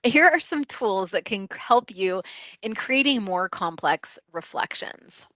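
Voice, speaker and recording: A woman, a wellness coach and trainer, calmly explaining counseling skills step by step in an instructional talk. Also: medium pitch, unhurried, dry recording. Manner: calm, explanatory, teaching step by step. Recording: dry, slightly dull lo-fi sound.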